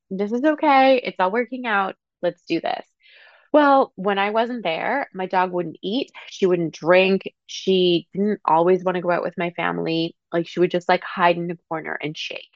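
Chatty woman with a low-ish voice. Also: vocal fry, no room sound, muffled recording. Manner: chatty, peppered with "like" and swearing. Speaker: podcast host. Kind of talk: casual personal storytelling.

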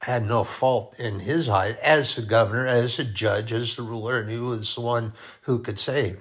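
A man preaching a sermon, deliberate and repeating key phrases for emphasis. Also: mid-range voice.

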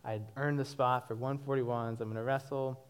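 A young man in his twenties giving a personal testimony to a church congregation, animated and often laughing as he tells it. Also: mid-range voice, moderate pace, smooth.

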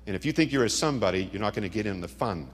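This Christian speaker, a middle-aged man, gives a dramatic testimony sermon full of stories and punchy asides. His lowish voice is expressive and very fast, with a long hall reverb on the recording.

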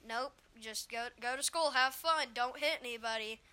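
Girl ranting about school bullies in a storytime vlog, high bright voice, a bit hoarse, lots of ums. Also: expressive, measured pace. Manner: rambling, exasperated, lots of fillers. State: slightly hoarse after illness. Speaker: vlogger.

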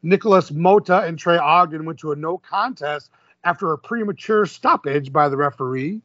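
A man's voice: on the high side, normal speed, fairly bright tone, no echo, highs cut off. A man co-hosting a podcast, recapping fight results in casual chat and laughing often. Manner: chatty, laughs often, filler-heavy. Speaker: podcast co-host.

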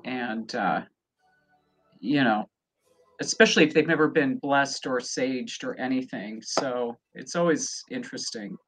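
A woman's voice: a bass voice, a little slow, a little hiss or hum. A woman appearing as a guest psychic medium, talking earnestly and agreeably in casual conversation.

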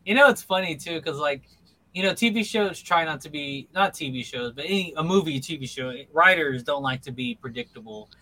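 A man co-hosting a podcast in casual chat, rambling and animated as he retells scenes. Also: a little high, brisk, poor audio. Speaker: podcast co-host.

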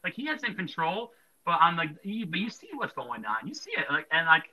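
Bright-voiced young man, earnest and rambling. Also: on the high side, huge pitch swings, fairly quick, low-quality recording. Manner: earnest, rambling with many fillers and restarts. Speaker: podcast host. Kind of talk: casual Christian podcast chat.

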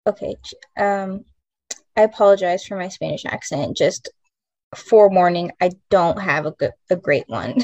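A woman's voice: lowish voice, lively intonation, normal speed, a little mellow, no room sound. A young woman taking part as a guest in a casual podcast discussion over a video call, speaking hesitantly with many fillers. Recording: dull lo-fi call audio.

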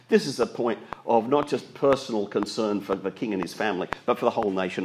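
A man's voice: on the low side, fairly quick, few pauses, noisy background. A man preaching a sermon, reading scripture aloud and explaining it.

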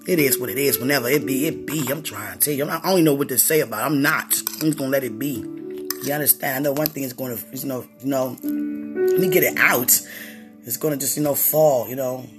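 A woman speaking intimately and effusively to her husband, sighing and exclaiming often, swinging between high excitement and low murmurs. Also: fast, music in the background. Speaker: wife talking to her husband. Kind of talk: intimate casual talk to a partner.

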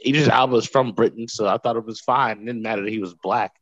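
A man's voice: fairly low pitch, fairly even intonation, fast talker, a bit bright, no echo, dull audio. A young man co-hosting a podcast, arguing his opinions casually with curse words and restarts. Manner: opinionated, profane, hesitant restarts. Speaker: podcast co-host. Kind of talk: casual chat.

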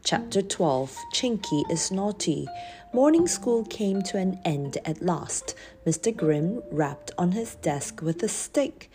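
A woman storyteller reading a children's book aloud in clear, measured narration. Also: fairly low pitch, lively intonation, warm tone.

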